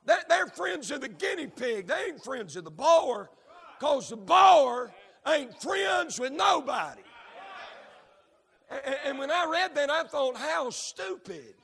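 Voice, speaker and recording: A man preaching a fervent sermon, breaking into shouts and dropping frequent amens. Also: very high voice, expressive, measured pace, long reverb tail.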